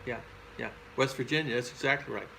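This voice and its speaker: A man's voice: mid-range voice, fast, vocal fry, sharp tone, a little hiss or hum, rough recording. An older man with a Southern American accent, hosting a casual livestream and chatting through viewer comments with frequent chuckles. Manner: rambling, chuckles often. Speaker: host. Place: home in the Philippines.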